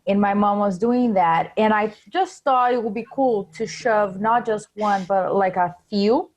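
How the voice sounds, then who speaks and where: A woman's voice: medium pitch, a little slow, muffled recording. A woman from Brazil co-hosting a podcast, chatting casually with playful asides. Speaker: podcast co-host.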